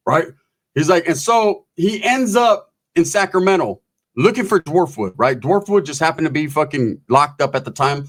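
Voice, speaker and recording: A man telling a profane, comedic story in an animated, swaggering way, full of slang. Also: a little high, normal speed.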